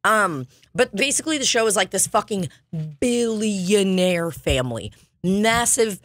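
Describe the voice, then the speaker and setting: A woman's voice: mid-range voice, expressive, unhurried, a bit bright, no room sound, clean studio sound. A young woman hosting a podcast, chatting casually in a rambling, profane and jokey way. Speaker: podcast host. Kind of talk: casual chat.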